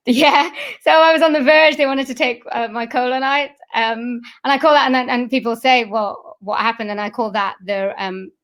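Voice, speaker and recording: A woman's voice: fairly high pitch, fairly even intonation, moderate pace, fairly bright tone. A middle-aged woman, a voice-over artist and singer, chatting in an interview with many fillers and restarts. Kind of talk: casual interview chat.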